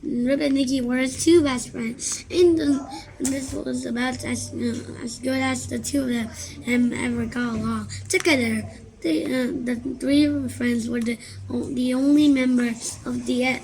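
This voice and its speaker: A woman reading a children's book aloud, halting often and repeating words as she goes. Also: on the high side, steady tone, gravelly, darkish tone, a little hiss or hum, low-quality recording. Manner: halting, many restarts and repeats. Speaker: reader.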